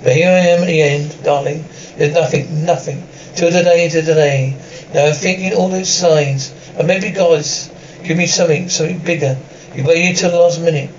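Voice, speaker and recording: A man reading a film's dialogue and sound cues aloud in one plain, even voice. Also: fairly high pitch, moderate pace, far from the mic, lo-fi sound, a little hiss or hum.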